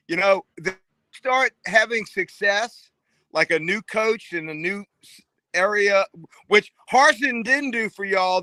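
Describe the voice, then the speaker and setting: High, bright-voiced man in sports chat. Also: no echo, low-quality recording. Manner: emphatic, chatty, peppered with "you know". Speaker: sports radio co-host. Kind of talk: casual sports talk.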